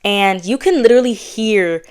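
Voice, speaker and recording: A woman hosting her own podcast in a candid, casual chat, talking fast and bluntly with slang and sounding a little out of breath. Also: medium pitch, smooth. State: slightly out of breath. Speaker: podcast host.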